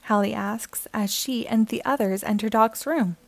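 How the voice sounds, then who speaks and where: A woman narrates a children's storybook aloud in a clear, steady storytelling voice. Her voice sits fairly high and sounds close and dry, with no room around it. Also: normal speed, hardly any pauses, dry recording. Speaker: storybook reader.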